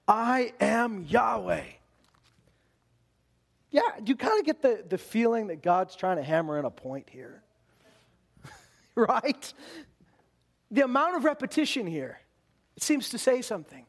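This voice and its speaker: A man preaching as a pastor in an earnest way, sometimes dropping to a hushed near-whisper. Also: sits high, very animated, moderate pace, pauses often. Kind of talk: sermon.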